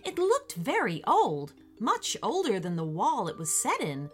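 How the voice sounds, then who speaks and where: A woman narrating a children's story with an expressive, animated reading. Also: mid-range voice, a little slow, faint music behind.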